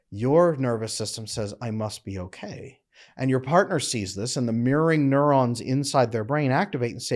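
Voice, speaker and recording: A middle-aged man teaching relationship skills to camera, emphatic, acting out breathing and relaxed posture as he explains. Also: medium pitch. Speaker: relationship coach.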